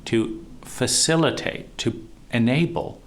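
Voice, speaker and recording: A man giving a recorded talk on trauma and adult love, emphatic and rhetorical, stressing words with swings in pitch and pace. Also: takes it slowly. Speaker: trauma therapist teaching.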